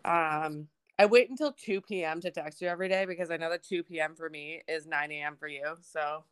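A young woman with a low-pitched, smooth voice co-hosts a podcast, talking fairly quickly. She chats casually and tells an animated story, swearing a great deal.

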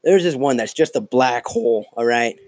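A man's voice: medium pitch, expressive, normal speed, darkish tone, dry recording. A man hosting a casual solo podcast, rambling and mocking with a lot of profanity and fillers. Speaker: podcast host.

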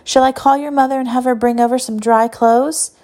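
A woman's voice: high-pitched, fairly even intonation, a little fast, darkish tone, pitched above the performer's own voice, lightly acted. A woman voicing an elderly female piano teacher who fusses over her pupils and gushes with praise. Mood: fussing. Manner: fussing, doting, effusive.

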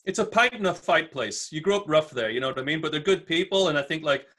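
A man from near Newcastle with a softened Northern English accent, chatting casually as a podcast guest and swearing freely. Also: fairly high pitch, lively intonation, fast. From England, near Newcastle. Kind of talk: casual chat.

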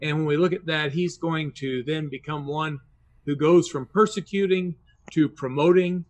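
A man on a Bible study panel explaining a passage in a measured way, with frequent hesitations. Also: fairly high pitch, fairly even intonation. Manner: measured, many uh fillers.

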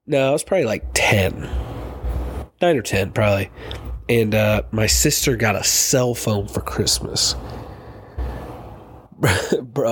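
A man's voice: mid-range voice, moderate pace, a little hiss or hum. A young man hosting a solo podcast, chatting loosely and rambling, swearing freely and laughing at himself. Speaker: podcast host. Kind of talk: casual solo podcast chat.

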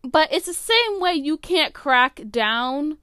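Young woman vlogger ranting casually, high voice, lots of likes, super dry close sound. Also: animated, slow pace, pushed and bright, no echo. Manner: rambling, opinionated, heavy use of "like". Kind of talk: casual commentary.

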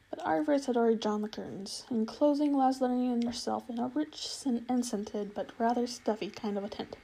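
A woman narrating a storybook chapter in a measured, expressive reading. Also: on the high side, vocal fry, husky, rough recording. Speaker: audiobook reader.

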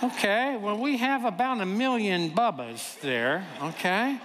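A high-voiced man from Kentucky preaches in a church hall, his words trailing off in a long reverb. He tells a personal story with animated energy and acts out the voices of the people in it. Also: unhurried, background noise.

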